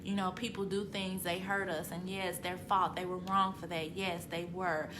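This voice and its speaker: A woman's voice: on the low side, level tone, moderate pace, music in the background. A woman author and motivational speaker giving an inspirational self-help talk, emphatic and repetitive, with casual conversational phrasing that swells into passionate peaks.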